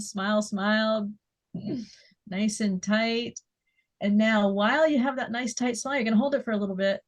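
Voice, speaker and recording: A woman leading a guided muscle relaxation exercise, giving gentle step-by-step instructions and counting down. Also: mid-range voice. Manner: slow, soothing instructions with soft laughs.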